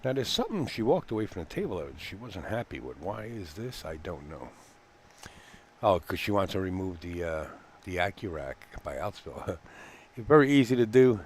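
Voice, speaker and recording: A man with a low, deep voice calls a live pool match in a relaxed, folksy way. He rambles between shots and fills the gaps with uhs. A faint hum sits under his voice. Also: normal speed. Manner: chatty, folksy, laughs easily, frequent fillers. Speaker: pool commentator. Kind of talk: live sports commentary. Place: pool hall commentary booth.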